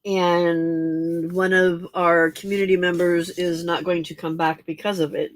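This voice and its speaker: A tired, yawning woman hosting a late-night crafting livestream, chatting with viewers by name in a relaxed way. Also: fairly low pitch, a little slow, dry recording. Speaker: livestream host.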